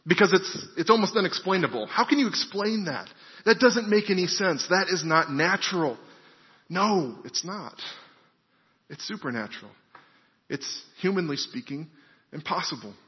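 Guy preaching a sermon, asks a lot of questions, repeats himself, big echoey hall, kinda muffled. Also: on the high side. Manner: preaching with rhetorical questions and repetition. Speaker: pastor.

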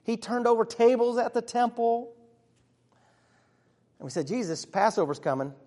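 A man playing an earnest, excitable disciple who tells his own story in a church monologue, chatty with sudden hushes and bursts. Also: extremely high pitch, moderate pace. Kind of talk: first-person dramatic monologue. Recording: long reverb of a large hall.

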